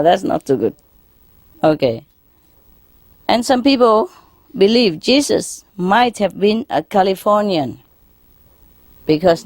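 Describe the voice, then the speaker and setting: A woman's voice: mid-range voice, a little mellow, no room sound. A woman telling jokes in a lecture, often chuckling and asking the audience questions. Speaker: spiritual teacher lecturing an audience. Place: lecture hall in Paris.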